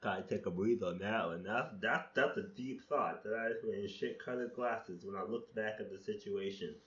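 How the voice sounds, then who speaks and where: With a voice on the low side yet fairly bright in tone, a man talks at a moderate pace on a recording missing its high frequencies. As a podcast host revisiting his old poems, he's casually critical of his past self, wandering off track, restarting, and swearing here and there.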